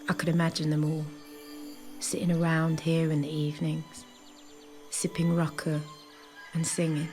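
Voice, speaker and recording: An actress voicing a young female explorer, narrating her journey calmly and reflectively in a game. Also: deep voice, moderate pace, lightly acted. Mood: wistful. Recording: game audio with music. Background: game music.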